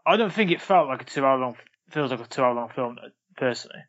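A man in a casual film podcast chat, laid-back and trailing off quietly. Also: mid-range voice, expressive, fast talker, lo-fi sound. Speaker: podcast co-host.

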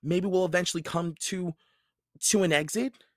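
A man voicing an eager young girl in a read-aloud storybook, putting on a high girlish voice. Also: moderate pace, no room sound, clean studio sound, lightly acted. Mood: worried.

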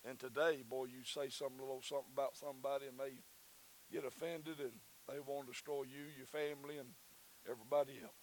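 A man's voice: mid-range voice, level tone, quick pace, slight background noise, poor audio. A man with a Southern US accent preaching a sermon in a folksy, repetitive way that builds to fervent calls. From Southern United States. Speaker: pastor.

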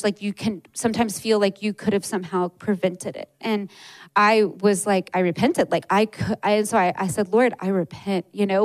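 A woman's voice: medium pitch, no echo, low-quality recording. A young woman giving a personal testimony at church, talking in a conversational way with many fillers. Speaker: church speaker sharing a testimony.

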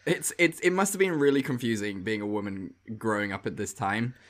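A man's voice: on the low side, brisk, a bit bright. A man co-hosting a casual movie podcast, teasing and swearing as he jokes his way through his opinions. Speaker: podcast co-host. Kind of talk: casual chat reviewing a movie.

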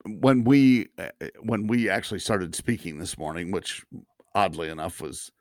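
A man co-hosting a podcast in casual chat, halting and restarting his sentences with a chatty, easygoing manner. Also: low-pitched, steady tone, no room sound, studio quality. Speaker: podcast co-host.

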